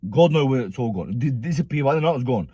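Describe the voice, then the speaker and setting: A young man vlogger telling a story in an animated, profane, slangy way. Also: mid-range voice, rapid-fire, a little hiss or hum. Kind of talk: storytime vlog.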